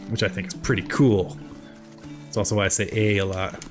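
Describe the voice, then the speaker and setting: A man in his thirties with a South Jersey accent talks casually over his game stream in a low-set voice. He rambles from story to story and often jumps suddenly up in pitch, while soft game music plays faintly underneath. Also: brisk. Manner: chatty, rambling, lively with sudden high jumps. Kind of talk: casual gameplay chat with chat readers.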